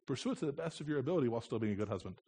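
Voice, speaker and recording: Preaching to a church congregation, an earnest man with an ordinary mid-range voice delivers a conversational sermon. He speaks plainly to the room, sprinkling in gentle humor, and his delivery is animated and rapid-fire with a breathy edge.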